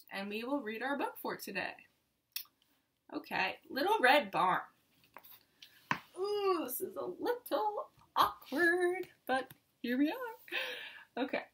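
A woman's voice: high voice, a bit bright, a little hiss or hum. A young woman teaching preschool, reading a picture book aloud at circle time in a sing-song, encouraging way for toddlers.

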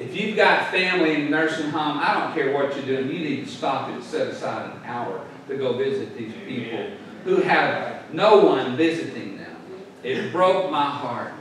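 A man's voice: a little high, normal speed, fairly bright tone, a little hiss or hum. A man, a pastor, preaching a sermon and drawing the congregation into call-and-response. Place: church sanctuary. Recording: echoey church room, voice from a distance.

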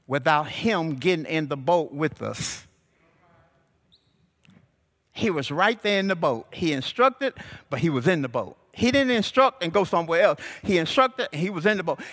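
A man preaching a sermon as pastor, calling out to the congregation and building to shouts. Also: fairly high pitch. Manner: call-and-response preaching, rising to shouts. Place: church sanctuary.

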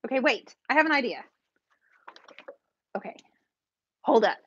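A woman's voice: a little high, lively intonation, measured pace, fairly bright tone, husky, no room sound. A woman, chatting nervously with her viewers as she paints on a live stream. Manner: chatty, nervous, talks to commenters. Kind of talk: casual live chat while painting. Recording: dull dry home-stream audio.

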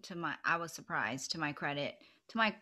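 A woman's voice: low-pitched, a little fast. A woman co-hosting a book club podcast in casual chat, telling stories animatedly and acting out her own comebacks. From Philippine diaspora. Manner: animated storyteller, acts out her own retorts.

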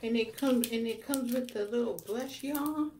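A woman's voice: fairly high pitch, moderate pace, noisy background. A young woman in a casual unboxing vlog, gushing over gifts and a little teary. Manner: gushing, exclaims "wow" often, addresses viewers as y'all. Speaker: vlogger.

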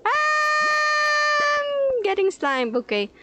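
Slow, playful woman narrating her gameplay. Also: fairly high pitch, lively intonation. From Philippines. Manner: playful, chatters at the game and enemies, giggly. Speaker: gaming channel host. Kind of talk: casual gameplay commentary. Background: background music.

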